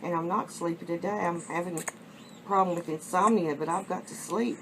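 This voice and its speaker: A woman with a West Texas accent, chatting on her home vlog and cooing baby talk to a reborn doll in a soft, drawn-out way. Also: lowish voice. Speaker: reborn doll collector vlogger. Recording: noisy home video.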